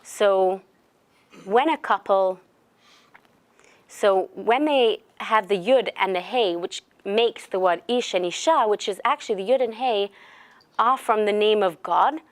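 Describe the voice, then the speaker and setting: A woman's voice: medium pitch, a little slow. A woman giving a religious lecture in a conversational style, telling stories with fillers and restarts. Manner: conversational, animated storyteller. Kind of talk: lecture with storytelling.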